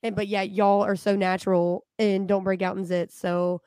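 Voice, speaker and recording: A woman's voice: mid-range voice, flat delivery, moderate pace, warm tone, clean tone, dry recording, studio quality. Blunt, swearing woman in her twenties. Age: 20s. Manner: profane, blunt, laughs often. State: recovering from a cold. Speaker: podcast co-host. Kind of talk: casual chat.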